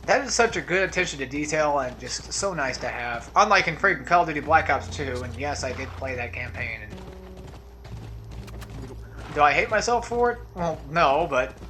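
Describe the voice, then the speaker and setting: A man's slightly high, bright voice carries a forceful tone and lively intonation at a moderate pace. He's a let's play commentator, offering easygoing, wandering remarks over a game playthrough that veer into tangents and trail off into mumbles. Slight background noise is present.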